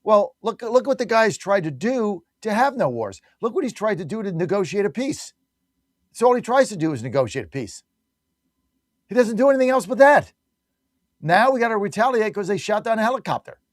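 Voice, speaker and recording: A man's voice: sits high, sing-song, brisk, no echo, clean studio sound. A man hosting a talk radio show, delivering an emphatic, combative monologue with lots of repetition.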